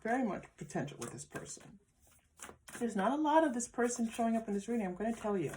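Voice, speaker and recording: A woman giving a pick-a-card tarot reading, speaking gently and affirmingly to her viewers, with frequent restarts. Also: a little high, expressive, fast talker, slight background noise. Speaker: tarot reader.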